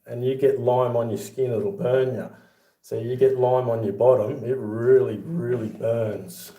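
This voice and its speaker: Middle-aged Aussie bloke, casual livestream host, easy storyteller, recorded in a roomy, echoey space. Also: male voice, mid-range voice, fairly even intonation, measured pace, mellow. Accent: Australian. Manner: chatty, laughs through his own yarns. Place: home with boxed-up rooms. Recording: echoey room.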